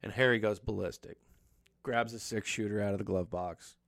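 A man's voice: lowish voice, moderate pace, creaky, dry recording, studio quality. Man recapping a movie, casual and profane. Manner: profane, animated storytelling with acted-out quotes.

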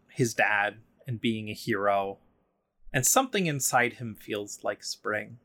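A man's voice: fairly low pitch, unhurried, sharp tone. A man co-hosting a podcast, casually retelling a story with lots of ums and likes. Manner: chatty, full of ums and likes, voices quotes loosely.

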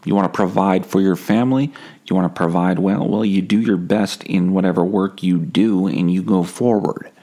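A man hosting a solo comedy podcast, rambling in a deadpan, profane, self-mocking way. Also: deep voice, moderate pace.

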